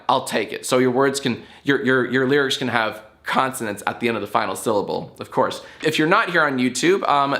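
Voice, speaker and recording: A man's voice: mid-range voice, a bit bright. A man in his thirties hosting a comedy web show, talking in a brash, jokey and rambling way. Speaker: YouTube show host. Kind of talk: casual comedic vlog talk.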